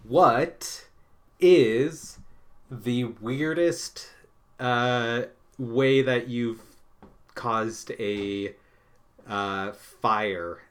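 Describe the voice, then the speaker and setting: A man's voice: mid-range voice, drawn-out words, pauses often. Laid-back man chatting on a podcast. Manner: laid-back, rambling, laughs a lot. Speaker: podcast co-host. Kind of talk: casual chat.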